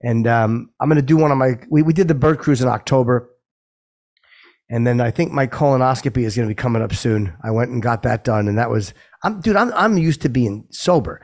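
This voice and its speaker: A man's voice: mid-range voice, brisk, darkish tone. A man co-hosting a podcast in casual chat, easygoing and a little hesitant, with many fillers. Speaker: podcast co-host.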